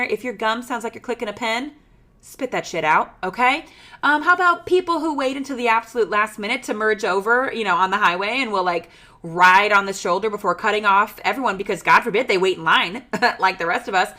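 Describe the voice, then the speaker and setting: A woman in her thirties hosting a comedic solo podcast, ranting in a sassy, exaggerated way with sudden hushed asides. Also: fairly high pitch. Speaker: podcast host.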